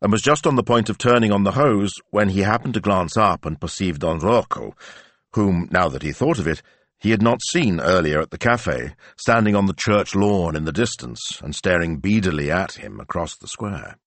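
A man reading a novel aloud as an audiobook narrator, telling it in measured storytelling. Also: sits low, lively intonation, fairly bright tone, no echo. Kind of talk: scripted narration.

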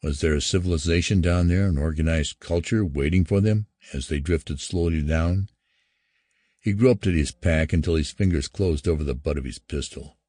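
A man narrating a science fiction story in a measured, even way. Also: rumbling low, no room sound, studio quality.

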